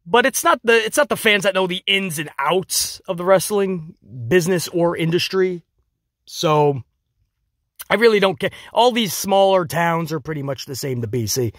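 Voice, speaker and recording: A man reviewing a wrestling show in casual solo commentary, animated and jokey, slipping into quick mocking impressions. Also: high voice, no echo, clean studio sound.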